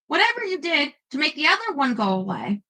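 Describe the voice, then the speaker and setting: A woman's voice: high-pitched, very animated, fairly quick, bright, forceful tone, voice pushed up, exaggerated voice, low-quality recording. A woman voicing a wry male demon companion who talks in a dry, sarcastic drawl.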